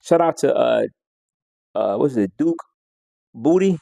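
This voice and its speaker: Laid-back man with a gravelly voice. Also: mid-range voice, animated, takes it slowly, warm tone, no echo. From United States. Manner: laid-back, slangy, half-sings lyrics and beats. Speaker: music vlogger. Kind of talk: casual countdown commentary.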